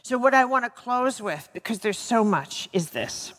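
A woman's voice: fairly high pitch, lively intonation, moderate pace. A woman giving a live talk on healing to an audience, joking with them and repeating words for emphasis. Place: lecture hall with an audience. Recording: long reverb of a lecture hall.

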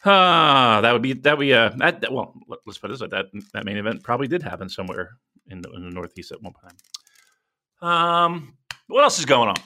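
On a casual wrestling podcast, a co-host with a fairly quick, mid-range voice tells profane, rambling stories with lots of animation. His shoulder is sore.

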